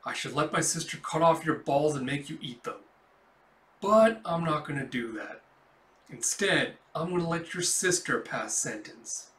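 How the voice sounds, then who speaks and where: A man voicing a cold, commanding noblewoman who lectures a traitor with measured contempt, read in his own voice from a comic. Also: fairly high pitch, expressive, fairly bright tone. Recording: echoey room.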